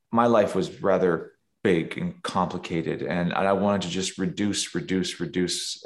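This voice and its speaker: A man being interviewed as a composer, speaking in a halting, reflective way with many fillers. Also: low-pitched. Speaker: guest composer. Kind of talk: interview conversation. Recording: roomy echo.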